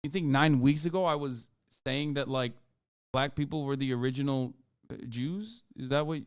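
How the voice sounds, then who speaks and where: A man's voice: mid-range voice, moderate pace, clean tone, no echo, studio quality. A man streaming a reaction, commenting in an exasperated, profane rant. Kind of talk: casual livestream reaction commentary.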